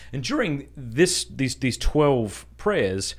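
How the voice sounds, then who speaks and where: A man's voice: lowish voice, expressive, moderate pace. Earnest man casually teaching a prayer. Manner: earnest and conversational, easily amused. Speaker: podcast host teaching a prayer. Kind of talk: casual spoken instruction.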